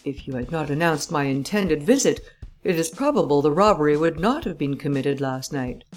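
A woman voicing a businesslike English male detective who speaks in a dry, crisp, clipped way. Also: low-pitched, lively intonation, moderate pace, soft background music. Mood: grumbling.

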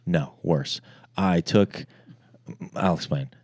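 A man's voice: low-pitched, takes it slowly, darkish tone, no room sound, clean studio sound. A young man hosting a podcast, telling crude, rambling stories in casual comedy chat. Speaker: podcast host.

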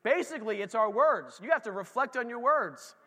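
A man preaching a casual sermon as pastor, animated and talking straight to the congregation. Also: very high-pitched, fairly quick, long reverb tail.

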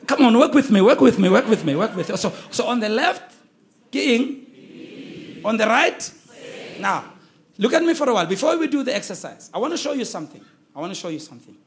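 High-voiced preacher. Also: male voice, very animated, a little fast, slight background noise. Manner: emphatic call-and-response preaching, shouting key lines. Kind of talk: sermon.

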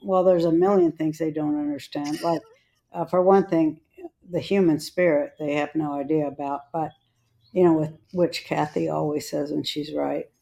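A woman's voice: low voice, fairly even intonation, moderate pace, gravelly, warm tone. A woman hosting a podcast in casual chat, rambling with trailing restarts. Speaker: podcast host.

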